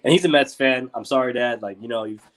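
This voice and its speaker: Young male co-host, loose rambling delivery full of fillers, mid pitch. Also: quick pace, fairly bright tone, rough recording. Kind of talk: casual sports chat.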